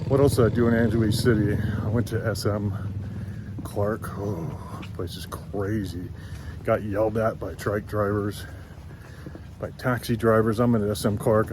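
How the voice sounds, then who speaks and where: A man's voice: lowish voice, steady tone, moderate pace, background noise. Chatty man vlogging on a city street. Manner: chatty, exasperated, rambling. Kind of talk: walk-and-talk vlog storytelling.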